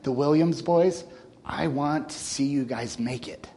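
A man in his thirties talks to his church group in an earnest, casual way. His voice sits a little higher than most men's. He speaks plainly and warmly to the young men in front of him, and his feeling shows through. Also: measured pace. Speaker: church member giving a farewell talk. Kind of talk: informal church talk.

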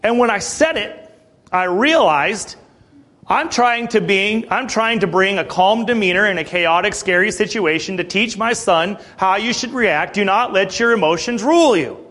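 A man's voice: high-pitched, moderate pace, fairly bright tone. A man in his late thirties preaching a sermon in an earnest, conversational way, with asides and rhetorical questions. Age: 30s.

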